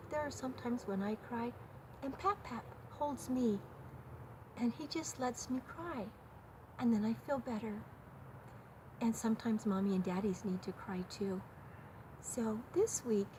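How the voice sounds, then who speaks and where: An older woman hosting a gentle talk to her grandchildren, speaking tenderly in simple words for small children. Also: a little high. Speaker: host. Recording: steady background noise.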